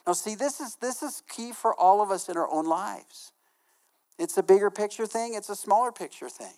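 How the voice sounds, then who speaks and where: A male pastor preaching in a casual, conversational way, full of fillers and repeated words, often putting questions to his congregation. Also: high voice. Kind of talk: conversational sermon.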